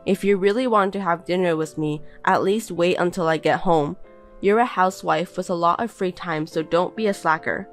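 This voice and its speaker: Scornful bossy husband, woman reading it, low-ish voice, talks down to his wife. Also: normal speed, faint music behind, natural voice. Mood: contemptuous. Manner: belittling, bossy and contemptuous. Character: scornful insulting young husband. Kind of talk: reading a text-message story.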